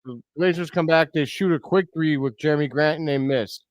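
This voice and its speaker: Excitable fan calling a game, dry sound. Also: male voice, fairly high pitch, a little fast, no echo. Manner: excitable, blunt, swings into loud outbursts. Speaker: host of a fan reaction stream. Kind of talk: live play-by-play reaction commentary.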